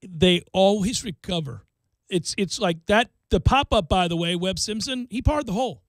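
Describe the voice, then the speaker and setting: A man with a fairly high voice hosts a sports radio show, talking casually and getting animated as he tells stories. The studio sound is dry and close, with no room echo. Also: moderate pace. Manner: animated storyteller, voice jumps up when excited. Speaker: radio sports talk host.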